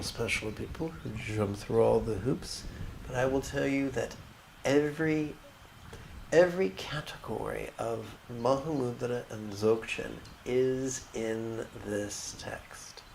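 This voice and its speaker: A man's voice: mid-range voice, takes it slowly, vocal fry, slight background noise. Emphatic male meditation teacher. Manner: emphatic, humorous, with repetitions and asides. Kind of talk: livestreamed dharma talk.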